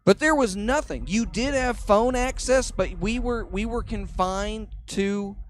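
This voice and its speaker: A man hosting a comedy podcast, telling a story in an animated way, swearing freely and acting out what people said. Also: sits high, a little slow, slight background noise. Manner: animated, swears freely, acts out quotes loudly.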